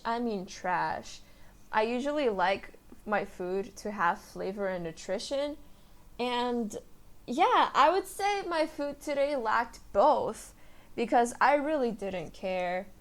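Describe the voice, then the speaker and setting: A young woman hosting a casual solo podcast, rambling and joking at her own expense with frequent giggles. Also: medium pitch. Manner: rambling, self-mocking, giggly. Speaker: podcast host.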